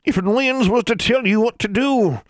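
A man voicing an ancient, wizened Ozark granny with a high, cracked drawl, cryptic and sly. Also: moderate pace, no room sound, clean studio sound. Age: elderly.

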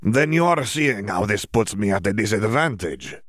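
A man doing an earnest young wizard student in an audiobook, his voice lifted somewhat above the narrator's low tone. He speaks in stiff, formal phrasing, pausing and hunting for words. The sound is close and dry. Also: animated, a bit bright, dry recording. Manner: stiff, formal non-native phrasing with hesitations. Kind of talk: audiobook character voice.

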